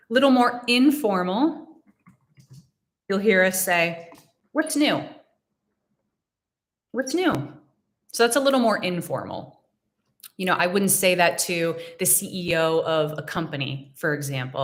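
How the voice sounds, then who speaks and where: A young American woman teaching English in a live Q&A, explaining phrases slowly and repeating examples. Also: lowish voice. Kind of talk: live-stream Q&A lesson.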